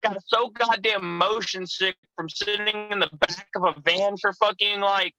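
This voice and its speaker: A man's voice: sits high, fairly even intonation, normal speed, sharp tone, no room sound, poor audio. A young adult man, a wrestler guest, telling profane, rambling stories and acting out the people in them. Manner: swears constantly, rambling tangents, acts out quoted voices. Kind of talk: profane storytelling chat.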